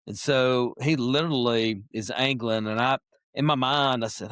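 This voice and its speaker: A man telling a hunting story as a podcast guest, animated and lively, acting out voices and clearing his throat often. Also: medium pitch, moderate pace, no room sound, clean studio sound. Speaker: podcast guest, wildlife biologist. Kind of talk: casual storytelling.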